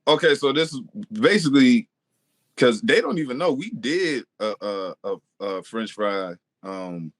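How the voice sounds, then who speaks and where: A male talk show guest with a mid-pitched voice, speaking softly and casually. He hesitates often, restarting his sentences and filling pauses with fillers. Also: expressive. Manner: soft-spoken, hesitant, many fillers. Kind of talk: casual chat.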